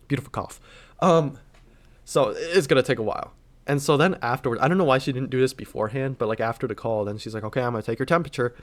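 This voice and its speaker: A man's voice: medium pitch, a little fast, pauses often. A young man casually telling a storytime anecdote, rambling and leaning on filler words.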